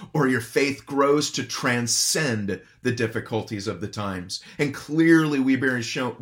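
A man's voice: medium pitch, fairly bright tone. A man preaching an expository sermon, earnest and emphatic, asking his listeners questions. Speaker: pastor.

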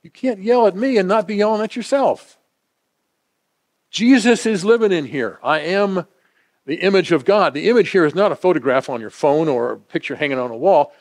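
A male preacher delivering a sermon with a fairly high, lively voice. He leans hard on key lines, then drops low and quiet to draw listeners in. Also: normal speed. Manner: dynamic, swinging from emphatic to hushed.

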